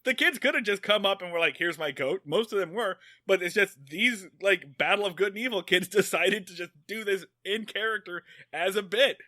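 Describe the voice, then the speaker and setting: A man with a bright, fairly high voice tells a long story on a podcast. He rambles, swears and keeps his delivery animated. The sound is close and dry. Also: brisk, few pauses, no echo. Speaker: podcast co-host. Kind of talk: casual chat.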